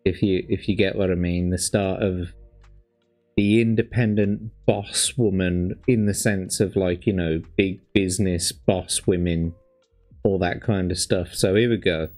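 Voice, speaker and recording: A man's voice: sits low, fairly even intonation, unhurried, darkish tone, soft background music. A man from Birmingham with a light Birmingham accent, rambling, sweary, casual commentary with plenty of fillers as he reviews old adverts. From Birmingham, England.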